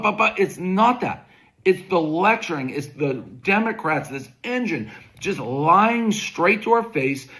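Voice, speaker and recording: A man with a thick Boston-area Massachusetts accent delivers a furious, profane rant. His voice sits a little high and he hammers each point hard. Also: fairly bright tone. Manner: ranting, profane, emphatic. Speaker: guest commentator in a played clip. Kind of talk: angry rant.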